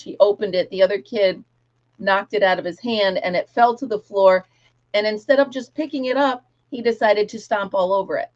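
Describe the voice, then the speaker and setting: A woman hosting a casual live chat, telling rambling, animated stories to her viewers. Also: mid-range voice, muffled recording. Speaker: host.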